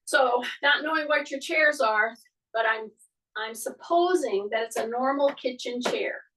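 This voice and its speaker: A woman's voice: sits high, measured pace, recorded from a distance, background noise. A woman fitness instructor leading an exercise class, giving step-by-step cues and often checking in with "okay?".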